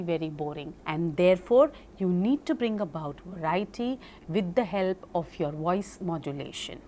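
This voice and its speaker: A woman giving a recorded lecture on speaking skills. She talks slowly and deliberately and spells words out letter by letter. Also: mid-range voice, a little mellow, a little hiss or hum.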